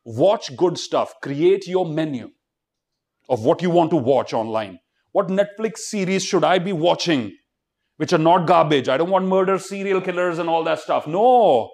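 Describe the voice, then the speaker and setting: Male motivational speaker, slightly high voice, swoops a lot, fires questions at a student crowd. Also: moderate pace. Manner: animated, keeps quizzing the audience and leading call-and-response. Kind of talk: motivational talk to a student audience.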